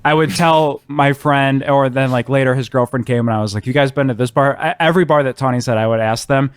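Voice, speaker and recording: A young man casually telling a funny travel story on a podcast, animated, laughing often, with many ums. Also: mid-range voice, fast talker, smooth, no room sound, clean studio sound. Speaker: podcast co-host.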